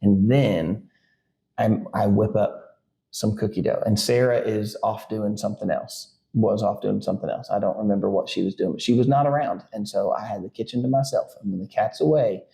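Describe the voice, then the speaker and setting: Gravelly-voiced man telling a rambling story. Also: fairly low pitch, fairly even intonation, moderate pace, mellow. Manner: rambling, full of likes and restarts. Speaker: podcast co-host and father. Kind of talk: casual storytelling chat.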